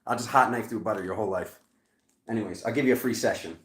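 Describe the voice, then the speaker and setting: A man's voice: on the low side, fast talker, roomy sound. A man giving a live tarot reading who gets fired up and rants, repeating himself and breaking off mid-sentence. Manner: heated, ranting, talks over himself. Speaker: tarot reader.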